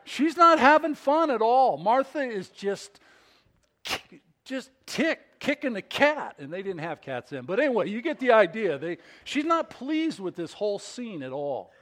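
Man preaching a sermon, slow and lively, really acts stuff out. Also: high-pitched. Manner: expressive, acts out scripture scenes. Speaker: pastor.

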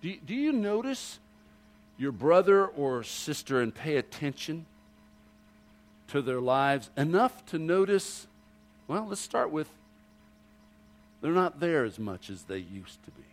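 A man preaching a sermon to his congregation, asking rhetorical questions and dropping low and quiet for emphasis. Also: big pitch swings, slow, long pauses. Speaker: pastor.

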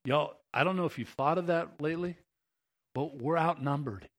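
Pastor preaching with rising passion. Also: male voice, a little high, moderate pace. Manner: conversational, building to impassioned emphasis. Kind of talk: sermon.

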